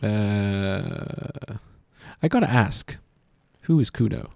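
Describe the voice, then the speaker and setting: A low, gravelly-voiced man playing through a video game with casual commentary. He reads dialogue aloud and laughs often, in a dry, close sound. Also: lively intonation, very slow, a little mellow, no echo. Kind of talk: casual let's-play commentary.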